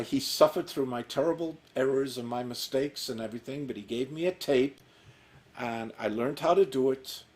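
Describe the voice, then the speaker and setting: A man's voice: medium pitch, low-quality recording. Man in his sixties telling a story. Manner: warm storyteller, acts out quoted dialogue. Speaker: cantor, interview guest. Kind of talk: storytelling in a casual interview. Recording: faint background noise.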